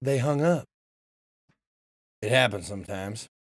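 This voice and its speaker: A man playing through a game and chatting casually, reading lines aloud, swearing often and yelling when annoyed. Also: medium pitch, measured pace, no echo, clean studio sound. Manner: animated, swears often, yells in frustration. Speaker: let's play streamer.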